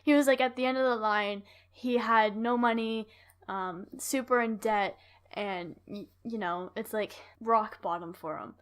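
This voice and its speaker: A woman's voice: a little high, steady tone, measured pace, smooth. A woman co-hosting a podcast, telling a story in casual chat, rambling with lots of fillers and laughing often.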